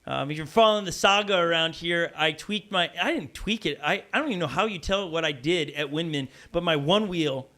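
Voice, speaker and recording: A man's voice: fairly high pitch, fairly quick, few pauses, sharp tone. A man hosting a live podcast in casual chat, joking, teasing and rambling. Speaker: podcast host.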